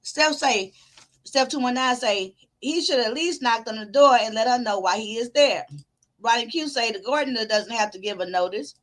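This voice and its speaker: Bright, high-voiced woman host, casual. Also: normal speed. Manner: casual, talks things through with her viewers. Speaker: commentary channel host. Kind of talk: reacting to a clip and reading viewer comments.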